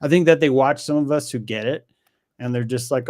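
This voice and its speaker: A man's voice: mid-range voice, a little fast, a little mellow, no room sound, studio quality. A man as a guest, talking in a profane, ranting way in an opinionated conversation.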